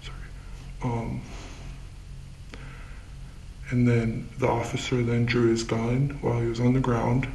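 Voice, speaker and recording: A man being interviewed as a witness, his voice altered to disguise it, recalling events slowly and haltingly. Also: mid-range voice, completely flat delivery, warm tone, roomy sound, a little hiss or hum, poor audio. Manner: slow, halting recollection.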